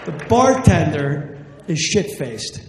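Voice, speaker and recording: Jersey-raised comic, high voice, swears a lot, echoey hall. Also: male voice, very animated, slow, a crowd in the background. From New Jersey. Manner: brash, profane, punchy. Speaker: stand-up comedian. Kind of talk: stand-up storytelling. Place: comedy stage in a large hall. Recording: echoey live hall, faint noise.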